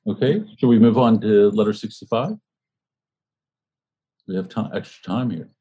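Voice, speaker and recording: A man leading a book study group, talking things over in a thoughtful, halting way and reading passages aloud. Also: fairly low pitch, dark tone, slightly rough, highs cut off. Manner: thoughtful, halting, frequent fillers and restarts.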